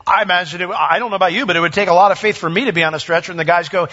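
Retelling scripture in a conversational sermon, this male preacher acts out the characters with a raised voice as he tells the story. He speaks rapid-fire with few pauses, in a high, steady, sharp-toned voice, captured with dull sound and lengthy hall reverberation.

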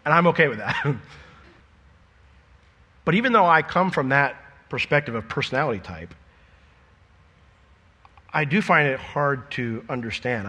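Animated preacher in a reverberant hall. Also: male voice, mid-range voice, breathy edge. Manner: animated, jokey, acts out imagined dialogue. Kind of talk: sermon.

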